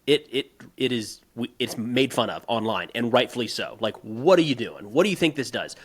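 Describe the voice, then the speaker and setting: A man co-hosting a podcast, talking through politics casually and turning animated and emphatic as he rants. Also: medium pitch, normal speed, breathy edge. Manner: animated, rising to emphatic outbursts when ranting; conversational with frequent restarts. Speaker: podcast co-host.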